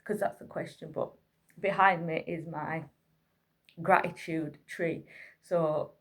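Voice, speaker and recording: A woman's voice: low-pitched, fairly even intonation, slow, a bit bright. A woman, a single mother, candidly and wearily telling a hard night with her autistic son to camera, worn out and near tears. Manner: candid, weary, tearful retelling. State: exhausted. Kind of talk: emotional personal vlog, talking to camera.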